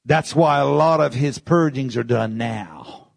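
Male preacher, gravelly husky voice, repeats phrases, swings from shouts to low quiet passages. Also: measured pace, dry recording. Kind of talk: sermon.

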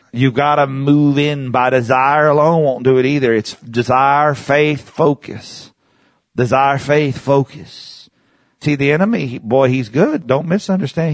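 A middle-aged man preaching in church, animated, rushing through some phrases and drawing out others slowly. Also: medium pitch, no room sound. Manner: animated preaching, swings from fast bursts to slow emphatic words. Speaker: pastor. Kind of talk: lively sermon.

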